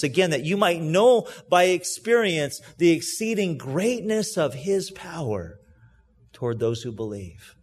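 A man with a notably high voice preaches a sermon. He explains scripture earnestly, leaning hard on key words and then letting his voice sink to a quiet, intimate tone. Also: big pitch swings, unhurried. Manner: earnest, emphatic, swings between loud stresses and hushed asides; explains and reads scripture aloud to a congregation. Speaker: pastor.

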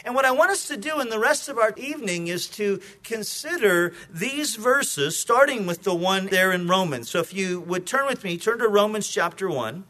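Male pastor, sermon delivery, high voice with an animated, joking manner. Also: moderate pace, few pauses.

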